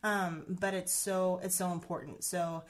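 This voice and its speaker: A woman in her thirties tells a personal story in a relaxed conversation. She speaks earnestly and often restarts, leaning on "like" and "um". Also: fairly low pitch, a little slow. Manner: earnest, heavy use of "like" and "um", many restarts. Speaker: guest sharing a personal story.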